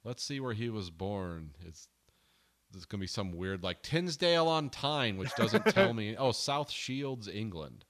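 A man's voice: on the low side, sing-song, measured pace, fairly bright tone. A man co-hosting a casual film podcast, talking in a rambling, hesitant way that often trails off. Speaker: podcast co-host.

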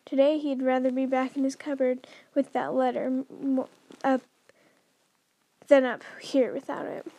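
Woman reading a chapter aloud, high mellow voice, keeps tripping over words and starting over. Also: dry recording. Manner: stumbles and restarts often while reading. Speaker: podcast host reading a book aloud. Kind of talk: unrehearsed read-aloud narration.

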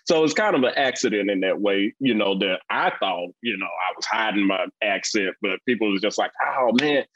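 A man in his forties with a Mississippi accent, a guest in a casual interview who tells stories bluntly and talks fast. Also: on the low side, slight background noise. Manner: blunt, animated storyteller, fast-talking. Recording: dull lo-fi dry recording.

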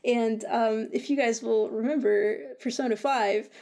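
A young woman co-hosting a casual chat, talking in an excitable, chatty way with lots of fillers. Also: on the high side, unhurried, vocal fry. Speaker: co-host. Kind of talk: casual chat about video game news.

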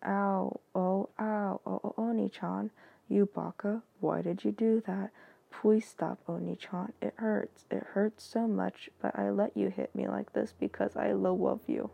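A woman reading out the lines of a clingy anime little-sister girl in a deliberate monotone, with a gravelly, husky voice. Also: medium pitch, no echo, heavily acted. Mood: flat monotone.

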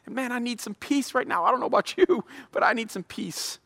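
A man's voice: extremely high pitch, brisk, creaky, fairly bright tone. A middle-aged male pastor giving a sermon, chatty and self-deprecating, building into fervent prayer. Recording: long hall reverb.

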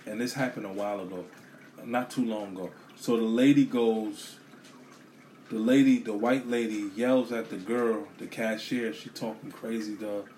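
A man telling a story as a profane rant, animated, swearing a lot and repeating himself. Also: fairly low pitch, moderate pace, slight background noise.

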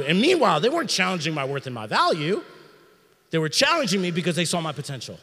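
A middle-aged man preaching a sermon in a church sanctuary, in an energetic, conversational style with slang. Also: a little high, fast talker, in a large hall. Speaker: pastor.

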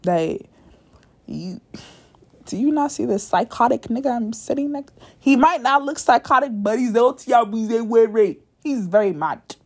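Her voice is fairly high, slightly rough, and lively, at a normal speed. As a young podcast host she recounts a dating story bluntly, profanely and dramatically, sometimes sinking to a near-whisper for asides.

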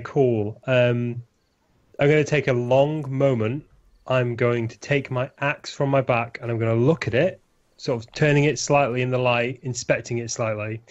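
A man's voice: medium pitch, dull audio. A man playing a tabletop game, describing his character's actions step by step. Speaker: player.

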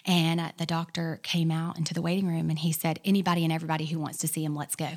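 A woman sharing a personal testimony in a casual talk, earnest, sometimes dropping to a hushed whisper and rising to fervent declarations. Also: low-pitched, flat delivery, fast talker. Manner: earnest storyteller, drops to a whisper for quoted prayers and builds to fervent. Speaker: guest.

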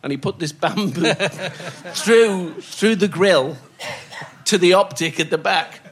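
A man's voice: sits high, slow. An older man telling stories as a podcast guest, laughing as he goes and doing the voices of the people he quotes. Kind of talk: anecdotal storytelling.

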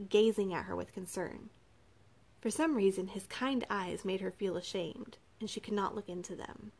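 A woman narrating a novel in an even storytelling manner. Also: mid-range voice, normal speed, gravelly. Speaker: audiobook narrator. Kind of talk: scripted narration.

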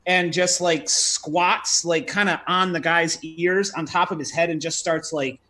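A man's voice: on the high side, steady tone, measured pace, sharp tone. A man playing a tabletop game, describing his character's actions in a rambling way. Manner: rambling, many fillers. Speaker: player.

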